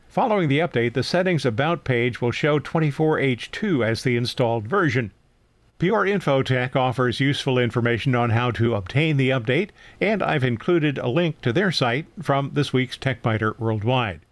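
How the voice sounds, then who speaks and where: A man's voice: medium pitch, dry recording. An older man hosting a tech news segment, reading a scripted explainer in a dry, matter-of-fact way.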